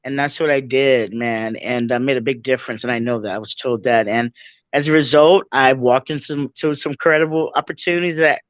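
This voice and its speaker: A woman's voice: rumbling low, a little fast, no echo. A woman guest telling a personal story with feeling, laughing often and calling her listener "man". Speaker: podcast guest. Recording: dull lo-fi dry sound.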